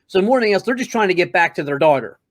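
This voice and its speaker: A man's voice: sits high, lively intonation, fast, dry recording. A man co-hosting a podcast, chatting casually about a movie with wry, stammering restarts. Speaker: podcast co-host. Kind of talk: casual movie review chat.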